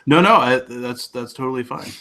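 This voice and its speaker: A man joining a casual live-stream show as a guest, speaking in a halting, hesitant way. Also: medium pitch, pushed and bright.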